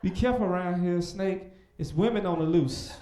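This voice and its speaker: A young man doing a stand-up comedy set on a club stage, animated, breaking into loud shouted voices for punchlines. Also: high-pitched, a little fast, roomy sound, a little hiss or hum.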